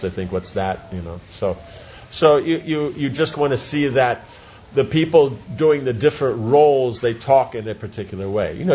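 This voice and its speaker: In a lo-fi, dull recording with light noise, a man with a medium-pitched, darkish voice leads an informal class. He draws on everyday examples and regularly checks that his students are keeping up.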